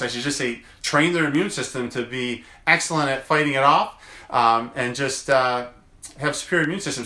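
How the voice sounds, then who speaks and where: A man's voice: mid-range voice, sharp tone, reverberant. A man, a chiropractor, chatting casually in a daily video, telling rambling family stories with lots of fillers. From United States. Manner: rambling storyteller, many fillers.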